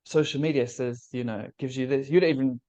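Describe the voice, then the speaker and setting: A man talking through big spiritual ideas on a podcast, in a mid-pitched voice. He muses aloud in a loose, philosophical way and breaks into easy laughter. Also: fairly even intonation, brisk, warm tone, highs cut off. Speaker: podcast co-host. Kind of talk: casual spiritual podcast discussion.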